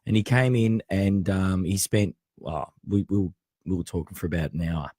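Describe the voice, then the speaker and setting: A man hosting a casual interview, easygoing and quick to laugh along. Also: low-pitched, mellow, husky, dry recording, clean studio sound. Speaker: host.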